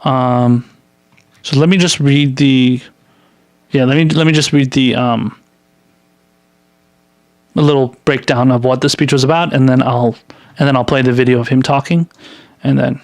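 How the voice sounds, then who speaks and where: A man's voice: medium pitch, dry recording. A man hosting a political commentary show, reading news articles aloud and rambling through sarcastic, filler-heavy commentary on them.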